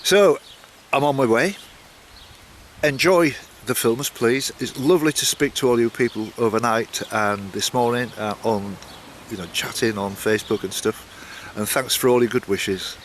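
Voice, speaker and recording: A man's voice: medium pitch, normal speed, slight background noise. Rambling, chatty older man vlogging. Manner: rambling, chatty, frequent restarts and asides. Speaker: walking vlogger. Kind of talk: casual vlog chat.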